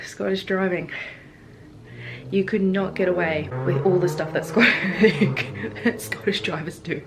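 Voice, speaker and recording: A young Australian woman vlogging while she travels, chatting in a rambling, excitable way into a handheld camera. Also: mid-range voice, a little hiss or hum. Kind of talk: casual travel vlog. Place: hotel room, then outdoors on streets.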